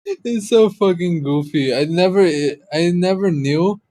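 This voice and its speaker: A man's voice: high voice, a little slow, mellow, no echo. A young man co-hosting a podcast in casual chat, telling a story with lots of swearing and laughter. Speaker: podcast co-host.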